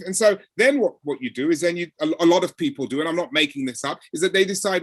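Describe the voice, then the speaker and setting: A man's voice: fairly high pitch, fast talker, hardly any pauses, no echo. A man talking conversationally about workplace experiences, acting out the exchanges he describes. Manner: animated, acts out quoted exchanges. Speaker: speaker on code switching. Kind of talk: conversational talk.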